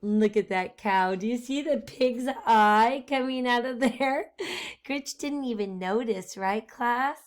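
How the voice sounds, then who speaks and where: A woman teacher reads a picture book aloud to her class, slow and unhurried, her voice sitting on the higher side. She stays animated, stops often to quiz the children, and drops into hushed asides.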